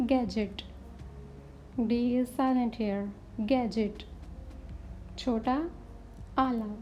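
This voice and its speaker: Slow, deliberate woman teaching pronunciation. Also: fairly high pitch, dark tone. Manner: careful, deliberate word-by-word pronunciation. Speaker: English teacher. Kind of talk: slow vocabulary lesson. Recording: dull lo-fi recording with faint hiss.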